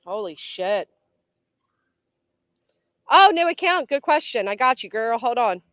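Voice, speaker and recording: A woman's voice: a little high, big pitch swings, takes it slowly, a bit bright, dry recording, studio quality. A woman hosting a casual commentary livestream outdoors by a tree, jumpy and swearing a lot as she talks to her chat.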